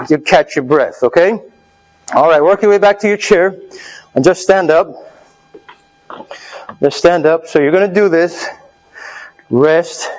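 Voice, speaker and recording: A man whose voice sits on the high side leads a live health workshop, coaching people through an exercise and checking in with them. He's out of breath and loudly spurs them on, and the audio is poor.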